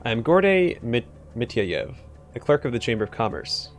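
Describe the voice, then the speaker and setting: A man voicing a nervous male clerk who keeps bursting out with shouted word lists and then apologizes. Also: mid-range voice, sing-song, moderate pace, faint music behind, natural voice. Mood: twitchy.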